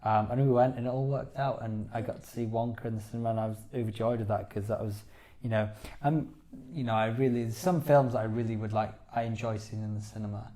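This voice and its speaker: A man's voice: fairly low pitch, steady tone, fast, warm tone. A man co-hosting a podcast, chatting casually and enthusiastically with lots of "you know"s. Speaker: podcast co-host. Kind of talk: casual chat.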